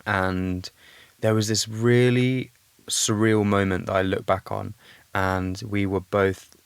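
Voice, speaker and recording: Earnest, reflective man, low voice. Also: little pitch movement, slow, smooth, dry recording. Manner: reflective and earnest, thinking aloud. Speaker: podcast guest. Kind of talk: candid podcast conversation.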